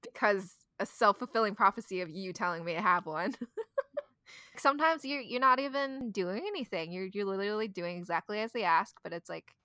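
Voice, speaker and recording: A young woman telling an animated story on a casual podcast. Her voice is bright and forward, recorded dry and close. She jumps into high, exasperated tones when she acts out old arguments. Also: fairly quick, no room sound. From child of immigrant parents. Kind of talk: casual chat.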